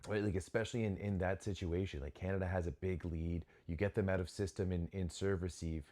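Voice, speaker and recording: A young man with a deep voice, talking a little fast, hosts a volleyball watch-along. His live commentary is casual, broken up by sudden excited exclamations and frequent restarts.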